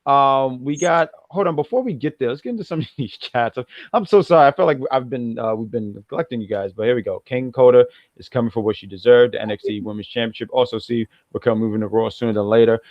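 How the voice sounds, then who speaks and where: A man co-hosting a casual wrestling review podcast, rambling with many restarts and bursts of loud excitement. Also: mid-range voice, fast talker, hardly any pauses, dry recording, lo-fi sound. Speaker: podcast co-host.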